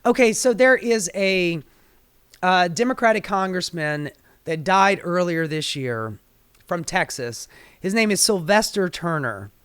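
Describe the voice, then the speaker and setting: A woman in a heated political rant, swearing freely and swinging from low, grumbling asides to sudden loud peaks. Her voice sounds strained and worn. She is recorded close and dry, with no room sound around her. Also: expressive, a little slow, clean tone, no room sound. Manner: profane, fired-up, swings between muttering and shouting. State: voice getting strained. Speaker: political commentary host.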